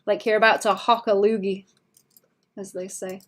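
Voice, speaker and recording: A woman's voice: mid-range voice, level tone, normal speed. A woman from Wales chatting casually on a livestream while she draws, thinking aloud with frequent restarts and fillers. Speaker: artist streaming while drawing.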